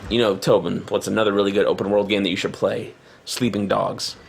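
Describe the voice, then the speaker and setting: A man's voice: fairly low pitch, little pitch movement, fairly quick, gravelly, slight background noise. A man co-hosting a game stream, joking and laughing through casual chat. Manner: joking, playful, laughs often. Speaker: co-host playing a game on stream.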